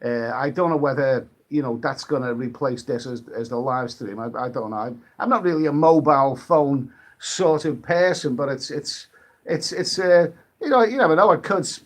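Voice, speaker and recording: A man from the UK, hosting a casual live stream, rambling and halting with many restarts while reading out viewer comments and drinking. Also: fairly high pitch, animated. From United Kingdom.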